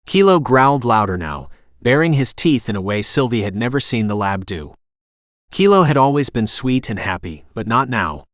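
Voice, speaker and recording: A male audiobook narrator who reads at a steady, even tone. His voice sits at a mid pitch, and the recording is dry and close, with almost no room sound. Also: moderate pace, no echo. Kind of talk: scripted narration.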